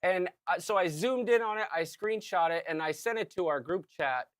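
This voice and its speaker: A man in his fifties co-hosting a podcast, telling a story in casual chat and shouting out the lines he quotes. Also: high-pitched, normal speed, no echo, studio quality. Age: 50s. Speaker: podcast co-host.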